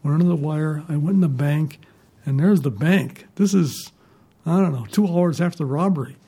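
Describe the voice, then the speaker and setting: A man's voice: fairly high pitch, normal speed, dark tone, breathy edge. An older man, a retired newspaper reporter, telling rambling stories in an interview. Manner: rambling, chuckling anecdotes. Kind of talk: storytelling in an interview.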